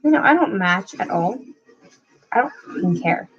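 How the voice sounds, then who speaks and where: A woman's voice: medium pitch, animated, normal speed, dull audio, soft background music. A young woman in casual chat with a friend, playful and giggly, joking about herself. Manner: playful, giggly, self-mocking.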